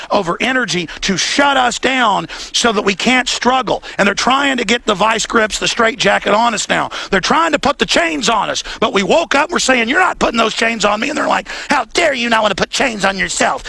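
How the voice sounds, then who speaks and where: Male talk-radio host, gravelly high voice, heated and emphatic rant. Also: pushed and bright. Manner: fast, heated and emphatic, mocking his critics. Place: outdoors at a protest.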